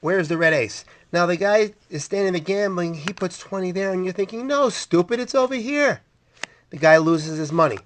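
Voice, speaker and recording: A man's voice: high-pitched, fairly quick, few pauses, fairly bright tone, a little hiss or hum. A man casually explaining how a street card scam works, step by step and matter-of-fact.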